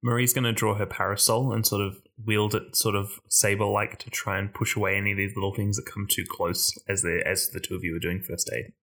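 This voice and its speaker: A man playing a tabletop game, deadpan and mildly pompous in character. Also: lowish voice, brisk, few pauses. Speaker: player. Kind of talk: tabletop role-play.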